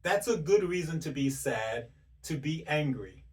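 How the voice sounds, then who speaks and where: A man's voice: a little high, expressive, darkish tone, distant mic. Emphatic man firing rhetorical questions. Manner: rapid-fire rhetorical questions, direct and emphatic. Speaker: self-help speaker. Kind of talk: motivational monologue.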